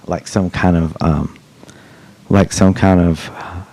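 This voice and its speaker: A man's voice: low voice, fairly even intonation, slow pace, warm tone. A middle-aged man hosting a podcast, chatting casually, rambling and joking with plenty of swearing. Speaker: podcast host. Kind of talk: casual chat.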